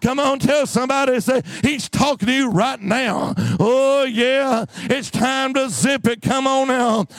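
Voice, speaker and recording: A man preaching a sermon with slow, emphatic delivery and call-and-response to the congregation, now and then breaking into snatches of song. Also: very high-pitched, no room sound.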